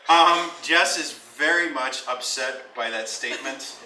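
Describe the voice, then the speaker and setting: A man's voice: mid-range voice, measured pace, pushed and bright. A man narrating as game master of a tabletop game, laughing often and hesitating with ums. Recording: echoey room from far off, faint noise.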